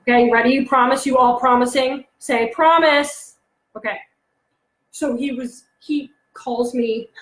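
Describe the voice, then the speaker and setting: A chatty woman in her thirties gives a solo talk to parents and keeps acting out her son's silly jokes. Her voice sits high. The room around her is echoey. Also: fairly even intonation, a little slow. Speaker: presenter on parenting and humor. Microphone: close mic, alone presenting online.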